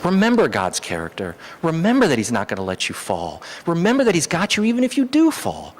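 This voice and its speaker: A man preaching a sermon as pastor, animated, his voice jumping high for emphasis. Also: fairly quick, slight background noise. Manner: animated, rises sharply in pitch for emphasis. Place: church hall. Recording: long hall reverb.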